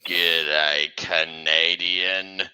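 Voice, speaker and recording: A man voicing a possessed, man-eating ghost freight car with a slow, deep, drawn-out growl, on a dull lo-fi recording. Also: steady tone, bright, forceful tone, clean tone, exaggerated voice. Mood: menacing.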